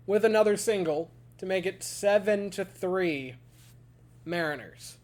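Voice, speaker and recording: A man giving a casual baseball game recap, ranting in an exasperated, animated way. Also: high voice. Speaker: baseball fan commentator.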